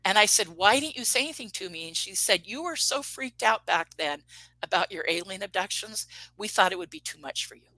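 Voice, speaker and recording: A woman in her fifties tells a personal story as an interview guest, with a bright, forceful tone. She brings the quoted dialogue to life with animated delivery and restarts her sentences as she goes. The recording is dry and close. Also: medium pitch, fairly quick, dry recording, poor audio.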